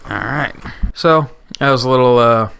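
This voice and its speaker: A man's voice: mid-range voice, normal speed, gravelly, fairly bright tone, a little hiss or hum. A man hosting a casual podcast chat, upbeat and moving the show along. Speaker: podcast host.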